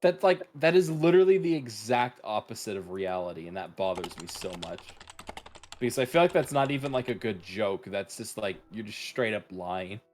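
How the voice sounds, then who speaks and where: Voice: mid-range voice, expressive, normal speed, a little mellow, soft background music. A player in a casual tabletop game over voice chat, talking bluntly and sarcastically.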